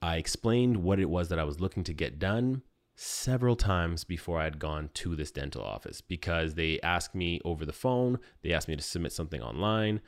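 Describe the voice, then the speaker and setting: A man in his thirties hosting a podcast, telling a personal story in a casual, animated and self-deprecating way. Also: low-pitched, moderate pace, no room sound, clean studio sound.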